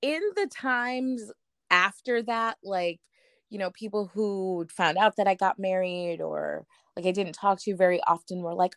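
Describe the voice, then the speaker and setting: A woman telling a personal story as an interview guest, animated, acting out the voices of the people she quotes, with lots of "like". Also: lowish voice, a little slow, creaky, no room sound, studio quality. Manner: frequent "like" fillers.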